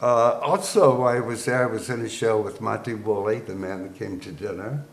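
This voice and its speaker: Gravelly and on the low side, this voice moves briskly, though the American veteran in his eighties recounts his war memories in an unhurried way. He's a guest who chuckles as he speaks, recorded in an echoey room with faint noise.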